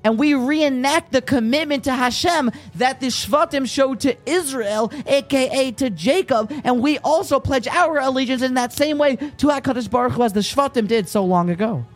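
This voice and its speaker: High-voiced man giving a folksy Torah talk. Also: normal speed, few pauses, faint music behind. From Virginia, American South. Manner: folksy, storytelling, addresses listeners directly. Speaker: Torah teacher.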